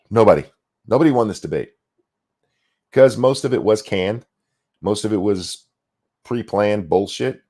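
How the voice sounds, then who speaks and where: A man's voice: fairly low pitch, a little slow, pauses often, dark tone. A man giving a blunt, sarcastic reaction rant, swearing freely while fighting the hiccups. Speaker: political commentary streamer.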